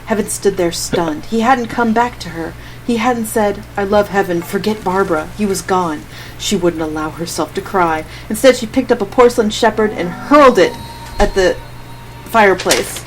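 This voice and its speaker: Brief: woman streamer, mid-pitch, dry self-mocking read-aloud with comic asides. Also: normal speed, slight background noise, rough recording. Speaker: streamer reading her old writing aloud.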